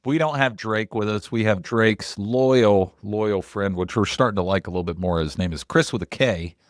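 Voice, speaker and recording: A middle-aged man with a lowish voice hosts a podcast in loose, animated chat. He swears now and then and leans hard on "like". The sound is dry and close, with no room around it. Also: normal speed, no room sound. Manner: loose, animated and profane, heavy on "like" fillers. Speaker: podcast co-host.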